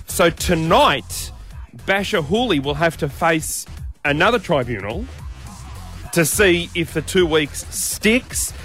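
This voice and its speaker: Brief: man, breakfast radio co-host, animated jokey delivery, slightly higher voice, faint music bed. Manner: joking, animated storytelling. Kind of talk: casual breakfast radio banter.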